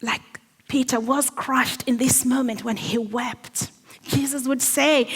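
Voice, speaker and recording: High-voiced woman preaching in an echoing hall. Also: steady tone, slow, a bit bright, husky. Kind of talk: sermon. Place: church hall. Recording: long reverb of a hall.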